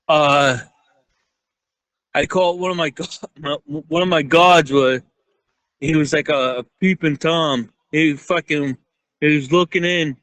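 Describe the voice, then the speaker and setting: A man with a New York accent telling rambling, profane stories in a casual chat, often getting excited as he acts out what people said. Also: a little high, no room sound. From Staten Island, New York. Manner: profane, rambling, excitable when acting out quotes. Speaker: security guard guest.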